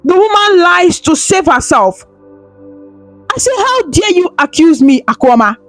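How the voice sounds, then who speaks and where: A woman's voice: sits high, sing-song, unhurried, soft background music, exaggerated voice. A woman storyteller voicing a jealous scheming prince who bellows commands in outrage. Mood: outraged.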